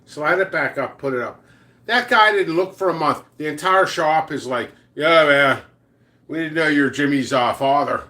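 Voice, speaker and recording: A middle-aged man with a slightly high voice tells old workplace prank stories in a loose, rambling way. He stammers through restarts, swears casually and chuckles at his own jokes. It sounds like a relaxed, chatty vlog. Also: moderate pace. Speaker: pepper seed channel host.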